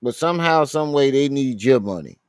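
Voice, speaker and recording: A man's voice: medium pitch, expressive, normal speed, clean tone, no room sound. A man hosting a casual live commentary stream, reading out the chat and talking back at a clip.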